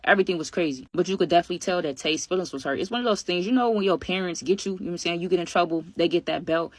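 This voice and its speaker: A man telling a personal story to his viewers in a casual, animated, slangy way, often speaking straight to the audience. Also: high-pitched, very fast, dry recording. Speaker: storytime vlogger.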